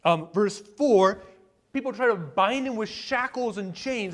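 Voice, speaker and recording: A male pastor preaching a sermon in a conversational way, with rhetorical questions and sudden bursts of excitement. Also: high voice, unhurried. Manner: conversational preaching with asides and fillers.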